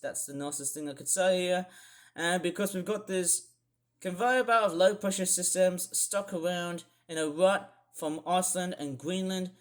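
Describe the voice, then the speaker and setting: A man vlogging casual weather commentary over forecast charts, rambling and correcting himself as he goes. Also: high voice. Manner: rambling, self-correcting, grumbling.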